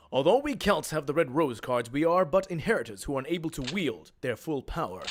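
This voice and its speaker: A man with an Australian accent voicing a young prince in a deep, formal, commanding tone. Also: a bit bright.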